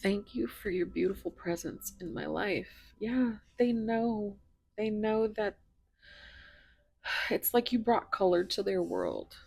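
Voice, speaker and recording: A woman's voice: medium pitch, very animated, slow, creaky, a little mellow, breathy edge, no echo. A woman reading tarot cards to her viewers, gushing and emotional, often dropping into whispers, and teary. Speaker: tarot reader.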